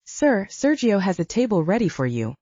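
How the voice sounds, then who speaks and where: A woman's voice: medium pitch, big pitch swings, moderate pace, mellow, dry recording. A woman voicing a blunt, formal male bouncer. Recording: dull dry audiobook recording.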